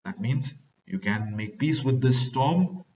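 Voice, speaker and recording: A man's voice: lively intonation, takes it slowly. A man with an Indian English accent teaching a play to students, reading its lines aloud and then explaining them in plain words. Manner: reads quoted lines louder and higher, then paraphrases plainly. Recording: lo-fi, distant from the mic.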